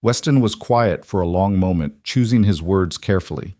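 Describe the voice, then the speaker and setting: Low-voiced man narrating a story. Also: moderate pace, few pauses, warm tone, no room sound, studio quality.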